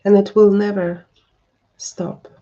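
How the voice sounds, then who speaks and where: Woman medium on a live stream, hesitant and slow, gravelly mellow voice, dull lo-fi audio. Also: medium pitch. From lives in northern Scotland, learned English there. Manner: hesitant, full of ums and restarts. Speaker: psychic medium giving live readings. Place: at home with a dog.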